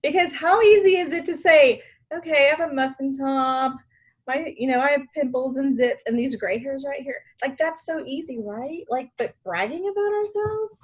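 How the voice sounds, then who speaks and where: A woman's voice: high voice, normal speed. A woman guest on a podcast, chatting in a bubbly way and laughing easily. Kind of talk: casual podcast chat.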